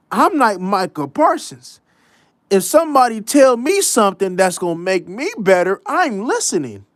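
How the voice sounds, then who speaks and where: Blunt, profane man ranting with lively pitch. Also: no room sound, studio quality. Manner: repeats lines for emphasis. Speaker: commentary show host. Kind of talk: casual sports commentary rant.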